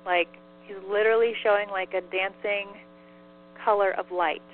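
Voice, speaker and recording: A woman's voice: mid-range voice, fairly even intonation, normal speed. A woman relaying a spirit's messages in casual call-in talk, giggling often and peppering her speech with "like.". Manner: giggly, chatty, many "like" fillers. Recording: phone line with faint mains hum.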